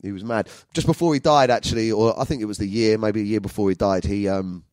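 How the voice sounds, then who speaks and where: A comedian tells a long, rambling story full of swearing and fillers. His voice sits on the low side. The recording is dry and close. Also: fast talker, a little mellow, no echo. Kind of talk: storytelling monologue.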